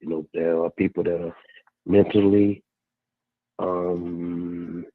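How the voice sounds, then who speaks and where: A man calling in to a radio talk show, speaking earnestly and haltingly, with many restarts. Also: sits low, flat delivery, no room sound. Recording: tinny phone line.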